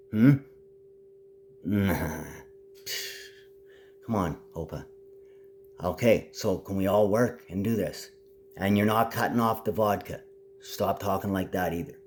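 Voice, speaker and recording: A man delivering a rambling, grandiose solo monologue, shifting between low muttering and loud declaring. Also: a little hiss or hum.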